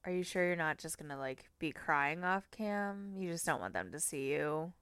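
Young adult female co-host, playful and teasing, lowish smooth voice, dry close mic. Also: expressive, fairly bright tone, no echo. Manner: quick laughs, playful teasing. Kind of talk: casual chat.

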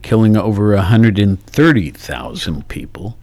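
A man's voice: lowish voice, expressive, a little slow, a little mellow, no echo. A man hosting a morning radio talk show, chatting casually with many fillers and self-corrections. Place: radio studio. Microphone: studio microphone.

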